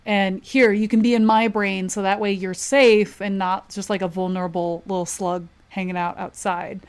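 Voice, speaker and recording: A woman voicing a calm teenage girl who speaks soothingly and matter-of-factly. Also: medium pitch, normal speed, natural voice. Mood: coaxing.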